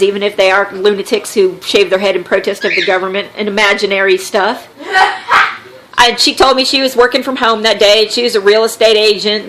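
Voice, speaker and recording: A woman with a Southern American accent tells a story on her podcast. She talks in a casual, wry way, acting out the people she quotes. Her voice sits in a middle pitch. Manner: animated, wry storyteller who acts out quotes. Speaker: podcast host.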